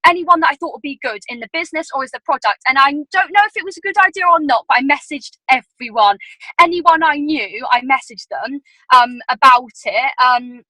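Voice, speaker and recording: A woman's voice: high-pitched, pushed and bright, dry recording, poor audio. A young woman on a video call giving a casual training talk, chatty and full of "like"s. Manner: chatty, filler-heavy storytelling with many "like"s. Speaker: team leader giving sales training.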